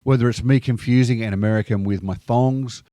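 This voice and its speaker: A man's voice: medium pitch, a little fast, no room sound, clean studio sound. Australian man telling anecdotes. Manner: lively anecdotal delivery sprinkled with slang. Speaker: video host. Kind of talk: scripted storytelling monologue.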